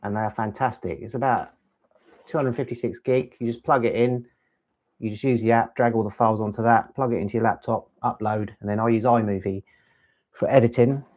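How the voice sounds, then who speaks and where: A LEGO channel host runs a casual live stream, rambling, chatting and reading chat aloud as he answers viewers' gear questions. His voice is on the low side, steady and darkish, and a little fast.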